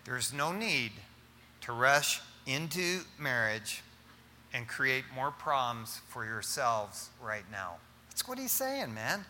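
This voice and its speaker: A middle-aged man preaching as pastor, talking in an animated, casual way and often calling his listeners "man". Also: medium pitch, slow pace, in a large hall, a little hiss or hum. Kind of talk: sermon.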